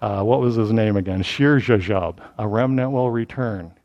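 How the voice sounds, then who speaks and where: A man's voice: on the low side, normal speed, darkish tone, lo-fi sound. A man teaching a sermon verse by verse, switching into raised, proclaiming tones when he reads scripture. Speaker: preacher. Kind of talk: expository Bible teaching.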